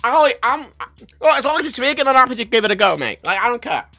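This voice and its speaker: A man from Ireland, chatting casually on a livestream, telling stories in an animated, sweary way. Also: extremely high pitch, very fast, faint music behind. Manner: animated, sweary storytelling, reads chat aloud. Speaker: livestream host.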